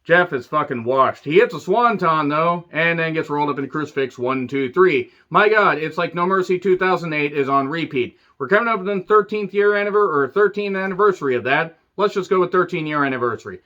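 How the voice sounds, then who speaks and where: A man's voice: a little high, animated, brisk, hardly any pauses, bright, forceful tone. A man in his forties giving sarcastic, profane, rambling casual commentary as a wrestling show reviewer, on a dull lo-fi recording. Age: 40s.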